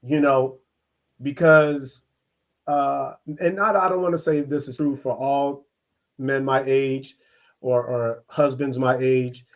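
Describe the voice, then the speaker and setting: A middle-aged man from East Oakland, telling his life story as an interview guest, earnest and halting with many restarts. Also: mid-range voice, steady tone. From East Oakland, California. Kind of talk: reflective personal storytelling.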